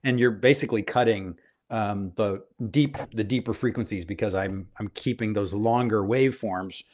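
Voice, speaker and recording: A man chatting as a guest about amps from his living room over a video call, explaining things clearly and playfully. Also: fairly low pitch, moderate pace, darkish tone. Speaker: guest amp expert. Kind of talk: casual chat on a live video call. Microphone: video call microphone.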